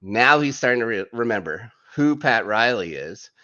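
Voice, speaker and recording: A man's voice: mid-range voice, animated, moderate pace, bright, forceful tone, dull audio. A man co-hosting a casual TV review podcast, rambling loosely and trailing off with vague fillers. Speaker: podcast co-host.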